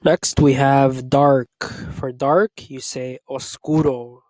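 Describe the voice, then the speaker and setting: Male tutor, very slow and measured delivery, dry close sound, mid pitch. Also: flat delivery, darkish tone, dry recording. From United States. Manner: slow, deliberate word-by-word drilling. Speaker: Spanish tutor. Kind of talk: slow vocabulary lesson.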